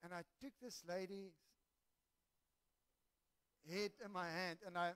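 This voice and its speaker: High, smooth-voiced male preacher. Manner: animated, halting storyteller with many restarts. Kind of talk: sermon with storytelling.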